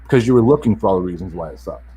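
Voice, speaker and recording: Middle-aged man, quick talker, animated storyteller, faint background noise. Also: low-pitched, poor audio. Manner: animated storyteller, acts out the voices of others. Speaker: podcast guest. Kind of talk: casual storytelling interview.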